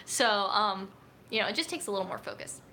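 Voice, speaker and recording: Bright, chatty woman vlogger. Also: mid-range voice, lively intonation, a little fast, a little hiss or hum. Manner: chatty, rambling with many fillers. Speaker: nutrition coach hosting a livestream. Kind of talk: casual live chat. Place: home room set up for filming. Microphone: camera on a tripod.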